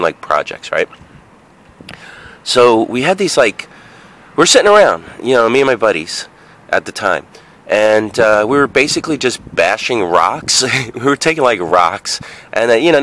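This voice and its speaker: A man in his forties spins a childhood story in a casual, rambling monologue, swearing freely and wandering into asides. His fairly low voice swoops up and down with lively intonation. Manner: rambling and profane, full of fillers and asides. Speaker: vlogger.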